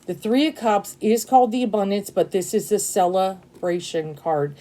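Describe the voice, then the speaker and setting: An emotional, excitable woman gives a casual on-camera tarot reading, rambling with fillers and regular "okay?" check-ins. She talks at normal speed in a mid-range voice.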